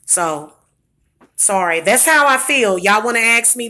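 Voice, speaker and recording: A woman venting angrily in a profane vlog rant, with bursts of shouting. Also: medium pitch, animated, slow. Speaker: vlogger. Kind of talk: angry ranting vlog.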